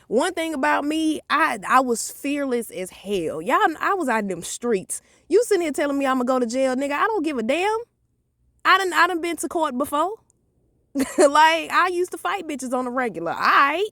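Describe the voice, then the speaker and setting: A woman, telling a profane, animated story in a vlog. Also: high-pitched, normal speed, no echo, clean studio sound. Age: 30s. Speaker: vlogger.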